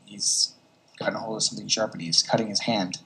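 A man's voice: lowish voice, little pitch movement, fast talker, sharp tone, husky, low-quality recording. A man hosting a podcast who recaps a comic casually and animatedly, acting out quotes. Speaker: podcast host.

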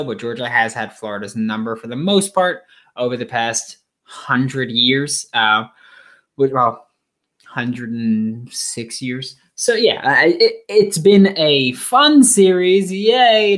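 A man's voice: mid-range voice, sharp tone. A young man hosting a sports podcast, talking casually and rambling with many fillers and restarts. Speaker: podcast host.

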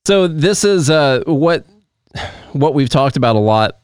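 Smooth-voiced man reading news on a podcast. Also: on the high side, expressive, a little slow, dry recording, clean studio sound. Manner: reads articles aloud and explains charts with asides. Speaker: podcast co-host. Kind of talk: casual news commentary.

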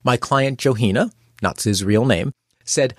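A man's voice: medium pitch, unhurried, no room sound, studio quality. A man coaching and hosting a scripted podcast, in a wry, playful manner. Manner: wry, playful, acts out quoted voices. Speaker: executive coach and host.

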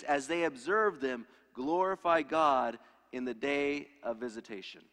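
A man's voice: a little high, a little slow, fairly bright tone. A pastor in his thirties preaching an earnest, emphatic sermon with lots of repetition. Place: church sanctuary. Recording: reverberant hall.

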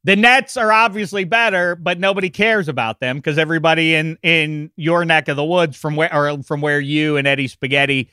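A man co-hosting a casual sports podcast, rambling with halting restarts on a close mic. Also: fairly high pitch, steady tone, pushed and bright, clear, resonant tone, no room sound. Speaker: podcast co-host.

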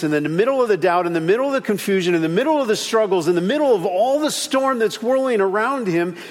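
A man preaching a sermon as pastor, animated, repeating key phrases and acting out little stories. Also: high-pitched, big-room sound.

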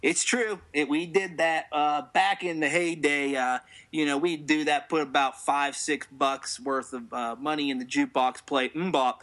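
A man telling laid-back stories with a deadpan delivery. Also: on the high side, a little slow, few pauses. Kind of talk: casual comedic banter.

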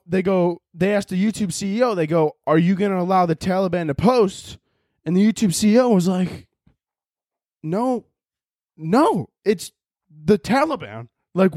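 A young man hosting a comedy podcast, ranting and swearing, his voice leaping high when he gets worked up. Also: no room sound, clean studio sound. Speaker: podcast host. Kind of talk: comedic rant.

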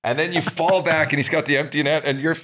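A man co-hosting a hockey podcast in a studio, casually describing a highlight play in animated detail. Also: quick pace. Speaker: podcast co-host. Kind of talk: casual chat.

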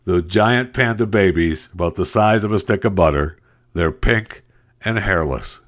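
A male talk show host giving sarcastic, exasperated commentary on the news, jumping between a high mocking tone and a low grumble. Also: unhurried.

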